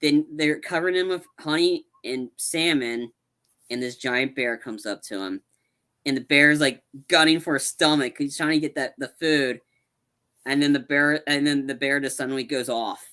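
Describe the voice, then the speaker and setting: Brief: co-host, bright, forward tone, loose rambling retelling. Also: medium pitch, moderate pace. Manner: rambling plot recap full of "like". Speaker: movie review podcast co-host. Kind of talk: casual chat.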